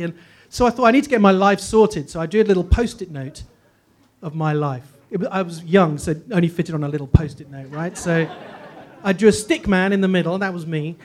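A man in his forties with a posh English accent, telling his personal faith story with self-deprecating jokes. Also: sits high. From Northeast England. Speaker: guest speaker. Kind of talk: humorous personal testimony.

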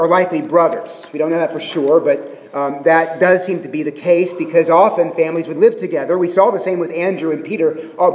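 High-voiced preaching man, hall reverb. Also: darkish tone. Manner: earnest expository preaching with asides. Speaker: pastor. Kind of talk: sermon.

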